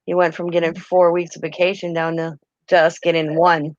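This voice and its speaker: A woman's voice: lowish voice, level tone, normal speed, dry recording. A middle-aged woman hosting a casual crafting chat, rambling through family stories and correcting herself as she goes. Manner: rambling, self-correcting storyteller. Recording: dry, slightly muffled.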